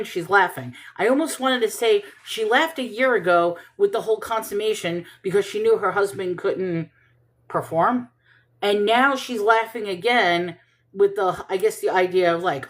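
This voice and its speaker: A woman reading Bible passages slowly and stopping to question and comment on them in casual talk. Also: medium pitch. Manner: thinks aloud, questioning and self-correcting; reads scripture slowly and deliberately.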